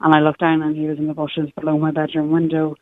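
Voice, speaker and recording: A woman's voice: deep voice, completely flat delivery, fast, no echo. A young woman from Sligo with an Irish accent, a radio guest telling a personal story in an earnest, matter-of-fact way. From Ireland, Sligo. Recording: tinny phone line.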